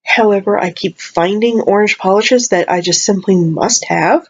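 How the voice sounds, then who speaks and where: A woman's voice: mid-range voice, moderate pace, slightly rough, highs cut off. A woman rambling casually through a haul video at home, chatty and full of asides and restarts, maybe fighting a cold. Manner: playful voices when quoting herself. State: possible cold. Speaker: vlogger.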